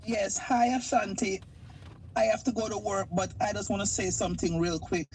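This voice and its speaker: A Jamaican woman calling in to a live talk show, telling her story in an emotional, halting way with a stutter. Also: medium pitch, fairly even intonation, darkish tone, a little hiss or hum, rough recording. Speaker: caller. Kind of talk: call-in testimony.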